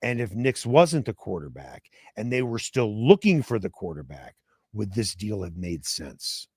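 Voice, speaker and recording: A man from Chicago hosting a sports talk show, explaining points in a measured way and asking pointed questions. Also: lowish voice, very animated, darkish tone, husky, dry recording, clean studio sound. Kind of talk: sports talk radio chat.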